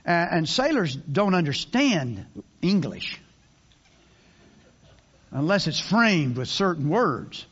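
A man's voice: high-pitched, dull audio. An older man preaching a sermon in a folksy, conversational way, with many restarts and asides. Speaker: pastor.

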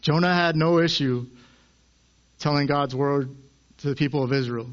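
A man's voice: a little high, normal speed, lo-fi sound. A man preaching a sermon in an earnest way, his voice rising as he acts out the people in the stories.

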